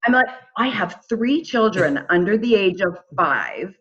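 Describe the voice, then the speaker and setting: A middle-aged woman, a podcast guest telling her own story in a casual, animated way and acting out the conversations she retells. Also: mid-range voice, measured pace, highs cut off, crowd noise. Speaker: podcast guest, charity founder.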